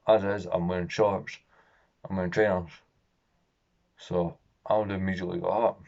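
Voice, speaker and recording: A young man with a very low, gravelly voice that stays flat and monotone as he tells a personal story. He talks in a halting, raw, swear-laden way, heard on a dull, lo-fi recording. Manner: halting, profane, emotionally raw. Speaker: vlogger.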